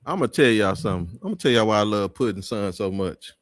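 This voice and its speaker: A man's voice: lowish voice, lively intonation, dry recording, studio quality. A man co-hosting a casual comedic talk show, teasing and joking with his co-hosts. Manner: joking, laughing, teasing with drawn-out asides. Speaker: co-host.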